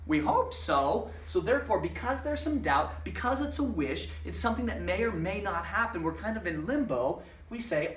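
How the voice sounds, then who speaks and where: A man's voice: sits high, a bit bright, far from the mic. A man teaching a Spanish lesson, explaining grammar patiently and repeating examples step by step. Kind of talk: recorded classroom lesson. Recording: echoey room, voice off-mic.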